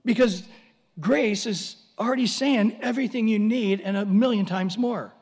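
High-voiced preacher in a reverberant hall. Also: male voice, moderate pace. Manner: animated storytelling, dramatic pitch swings, humorous asides. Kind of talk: sermon.

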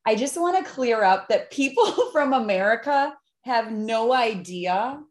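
A woman's voice: fairly high pitch, expressive, measured pace, echoey room. A woman in her fifties with a Chicago accent, hosting a casual interview with enthusiasm and frequent laughter. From Chicago area. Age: 50s. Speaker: podcast host.

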